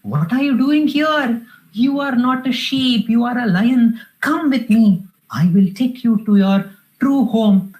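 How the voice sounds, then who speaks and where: A woman doing a gentle father lion. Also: low voice, lively intonation, measured pace, poor audio. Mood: coaxing. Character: kind majestic male lion, a wise father.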